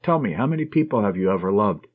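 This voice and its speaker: An affectionate young nurse, teasing and fond, as a husky male narrator puts her on. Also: on the low side, expressive, fast. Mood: tender. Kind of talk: audiobook reading. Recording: dull lo-fi recording.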